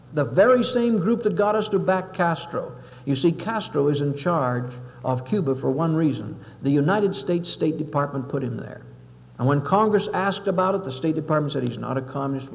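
A man's voice: a little high, darkish tone. A man giving an impassioned public speech, speaking emphatically and with oratorical force, sometimes acting out the people he quotes. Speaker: political lecturer. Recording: dull 1961 lo-fi tape with long hall reverb.

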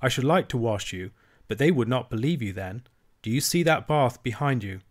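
An ageless fairy grandmother from a storybook, gentle and wise, comforting a child in soft, tender tones, as a man reading aloud puts her on. Her speech is unhurried and kind. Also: mid-range voice, animated, natural voice. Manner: tender, reassuring.

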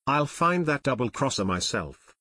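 A man's voice: mid-range voice, big pitch swings, moderate pace, bright, forceful tone, dry recording. Eerie, hollow-toned male caller, put on by a man, dry close sound. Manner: eerie, sepulchral.

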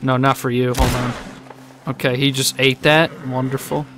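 A man's voice: mid-range voice, level tone, normal speed, over music. A young man streaming a video game, swearing, complaining and laughing in mock grief. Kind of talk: casual game commentary.

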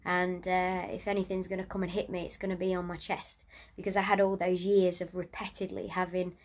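Woman, home vlogger, ill and exhausted, nasal, monotone, halting delivery. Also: fairly low pitch, slight background noise. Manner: tired, breathy and halting, trailing off. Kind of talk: casual video diary. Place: in bed at home.

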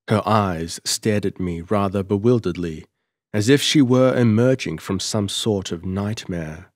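Man, audiobook narrator, deep-ish voice, measured storytelling, unhurried. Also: no echo, clean studio sound. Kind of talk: scripted narration of a first-person adventure story.

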